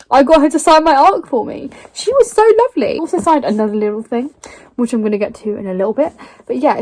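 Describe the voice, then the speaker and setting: A young woman gushing excitedly about books she bought and won in a casual vlog. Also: a little high. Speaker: book vlogger.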